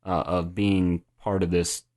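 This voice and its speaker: The podcast host here is a man with a deep, level voice, a little slow and a little mellow. In casual chat, he leads the recap and keeps prompting his co-hosts with questions.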